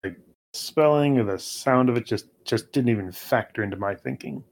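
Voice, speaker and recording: A man in casual podcast chat, explaining his view in an animated, lively way. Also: lowish voice, normal speed.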